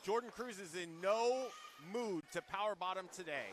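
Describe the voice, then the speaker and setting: A man's voice: sits high, normal speed, a little hiss or hum. A man giving color commentary on live pro wrestling, playful with cheeky asides.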